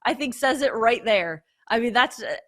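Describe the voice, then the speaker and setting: A woman co-hosting a sports podcast, chatting excitedly and laughing now and then. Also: fairly high pitch, moderate pace. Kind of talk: casual sports talk.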